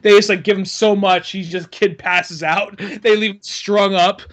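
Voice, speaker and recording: A man's voice: sits high, steady tone, unhurried, a bit bright. A man co-hosting a podcast in casual comedic chat, riffing with lots of swearing and laughter. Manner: profane riffing, acts out voices, laughs often. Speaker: podcast host.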